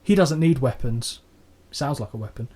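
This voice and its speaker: A man's voice: mid-range voice, normal speed, slightly rough. A man co-hosting a casual podcast, joking and swearing as he reviews an old show. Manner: sweary, jokey, animated. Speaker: podcast co-host. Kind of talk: casual chat.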